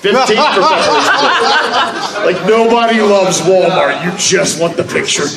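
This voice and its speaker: A man hosting a live convention panel, calling out bids with brisk, teasing auctioneer patter. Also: sits high, lively intonation. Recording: echoey hall with crowd noise.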